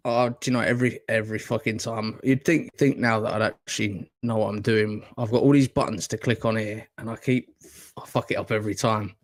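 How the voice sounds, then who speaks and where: A man's voice: on the low side, steady tone, brisk. A man with a Northern English accent hosts a casual podcast chat. He rambles, swears freely and laughs at his own fumbles. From Northern England. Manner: rambling, sweary, self-deprecating. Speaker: podcast host.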